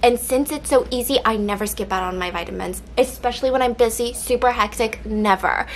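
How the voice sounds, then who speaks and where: A woman's voice: on the high side, brisk, a little hiss or hum. A young adult woman talking casually to her viewers in a vlog, chatty and self-mocking, giggling often. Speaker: vlogger. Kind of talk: casual vlog chat with sponsor read.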